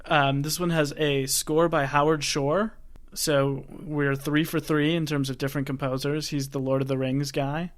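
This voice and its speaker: A man's voice: fairly high pitch, little pitch movement, moderate pace. A man hosting a podcast, running through film facts and figures in casual chat. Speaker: podcast host.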